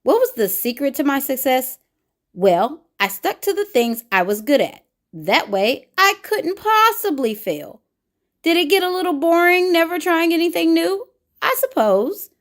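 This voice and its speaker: A woman's voice: high-pitched, sing-song. A woman doing a pompous bragging cheese. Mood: boastful. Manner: pompous, showy, drawn-out bragging. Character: boastful showbiz cheese craving attention. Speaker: children's book reader. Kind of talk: picture book read-aloud.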